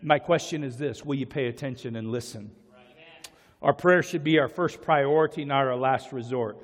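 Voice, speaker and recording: A male pastor preaching a passionate sermon to a church congregation, often raising his voice to a shout. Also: mid-range voice, moderate pace. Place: church sanctuary. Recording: church sanctuary with long reverb.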